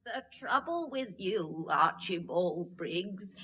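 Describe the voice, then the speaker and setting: A woman's voice: on the low side, animated, slow pace, heavy background noise. An actress playing a neglected wife who reproaches her husband, close to tears, in a comedy sketch. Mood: reproachful. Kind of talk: 1960s sketch comedy acting.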